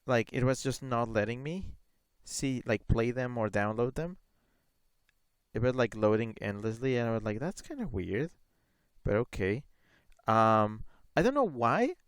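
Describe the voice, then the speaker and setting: A man's voice: medium pitch, lively intonation, a little slow, clean tone, no room sound. A man chatting casually on a live gaming stream, rambling with lots of fillers and reading chat messages aloud.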